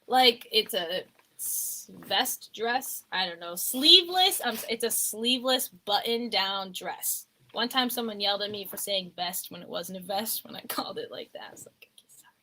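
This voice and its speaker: A woman's voice: medium pitch, moderate pace, pushed and bright, slight background noise. A woman in her twenties co-hosting a live stream, chatting in a rambling way and laughing often. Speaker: co-host of a clothing resale channel. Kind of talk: casual live-stream haul chat.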